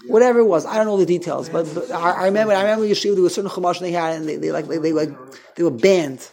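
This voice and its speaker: Racing along in a high-pitched voice with vocal fry and a slightly mellow tone, this man teaches a small group an informal Torah lesson. His talk wanders, breaks off mid-thought, and keeps starting over.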